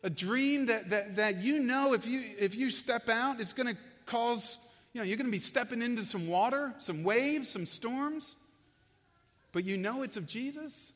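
A man's voice: very high-pitched, moderate pace, a bit bright. A man preaching, voicing the apostle Peter as an earnest figure who urges his listeners and repeats himself. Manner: earnest, pleading, repeats words. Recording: long echo of a large hall.

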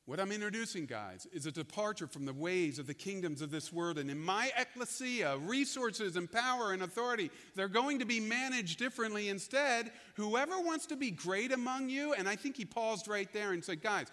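A male pastor preaching a sermon, telling the story with lively energy and acting out the people he quotes. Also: high voice, normal speed, few pauses, long reverb tail. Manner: animated storytelling, acts out quotes.

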